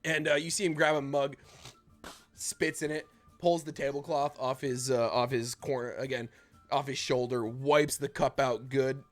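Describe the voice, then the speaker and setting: A man's voice: mid-range voice, steady tone, normal speed, faint music behind. A man running a tabletop game as dungeon master, narrating casually with rambling asides and cursing.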